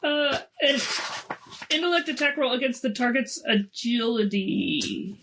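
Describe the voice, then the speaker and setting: A woman's voice: on the high side, unhurried. A woman playing a tabletop game, giggly and playful. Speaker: player. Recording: noisy podcast recording.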